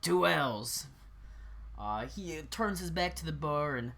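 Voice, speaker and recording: A male game master narrates a tabletop session in a rambling, filler-heavy style. His voice is bright and clear, at a middle pitch. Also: expressive, normal speed.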